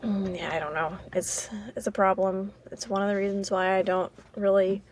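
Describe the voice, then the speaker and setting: An American woman from Maryland hosting a casual solo podcast, rambling and halting with many fillers. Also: medium pitch, level tone, darkish tone. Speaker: podcast host.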